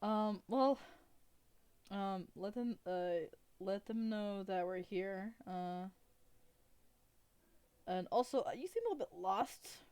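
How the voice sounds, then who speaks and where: Brief: woman doing a polite, flustered dwarven mom type, smooth and slow. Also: mid-range voice, darkish tone, natural voice. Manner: apologetic, hesitant with fillers. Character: flustered dwarven mother-figure woman, kindly. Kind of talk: tabletop role-play.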